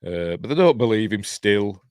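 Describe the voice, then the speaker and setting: Man, yorkshire accent, casual film review, rambling, chuckles, lowish voice, dry close sound. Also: lively intonation, normal speed, a little mellow, clear, resonant tone, dry recording.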